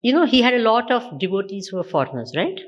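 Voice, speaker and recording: A woman's voice: fairly high pitch, sing-song, fast talker, muffled recording. A woman with an Indian English accent giving a Vedanta discourse, repeatedly putting questions to her listeners. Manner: asks the audience repeated rhetorical questions. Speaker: spiritual teacher.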